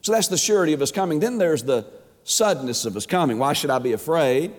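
A man preaching an emphatic sermon as a pastor, stretching words and swinging his pitch up and down. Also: lively intonation, fast. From Georgia, USA. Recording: long hall reverb.

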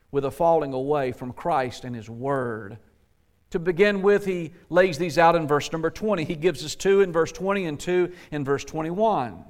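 A man pastor preaching a sermon, emphatic and folksy, pushing up on rhetorical questions and sinking soft at the ends of phrases. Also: sits high. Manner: folksy, says "gotta" and "ain't".

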